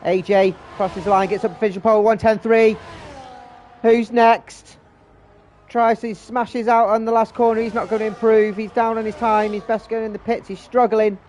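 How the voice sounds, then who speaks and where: Excitable man calling a sim race. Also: high-pitched, lo-fi sound, a little hiss or hum. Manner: excitable, breathless, rapid calls with repeated exclamations. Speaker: race commentator and league host. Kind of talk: live sim-racing commentary.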